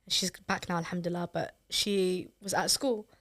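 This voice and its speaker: A woman, a mother hosting a podcast and sharing personal stories in an expressive way. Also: on the low side, moderate pace, no echo. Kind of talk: casual podcast chat.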